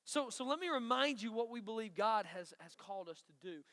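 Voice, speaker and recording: A man preaching a lively youth sermon from a stage, emphatic and joking with the students. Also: high voice, brisk. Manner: energetic, emphatic, bantering with the audience. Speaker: youth pastor. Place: stage in a large hall before a student crowd. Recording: long hall reverb.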